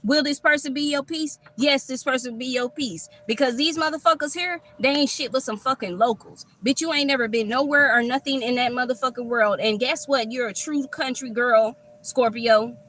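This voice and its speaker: A woman giving a live tarot reading from a park on her phone, blunt, profane and animated. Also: sits high, a little fast, few pauses. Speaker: tarot reader. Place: outdoors at a park.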